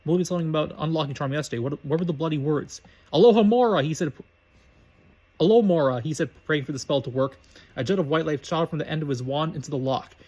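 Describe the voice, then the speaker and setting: A man reads a story aloud at a brisk clip, now and then stumbling and restarting a phrase. His voice sits somewhat high and moves quickly. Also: steady tone, slightly rough. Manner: brisk reading with slips and restarts. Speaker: reader of fan fiction.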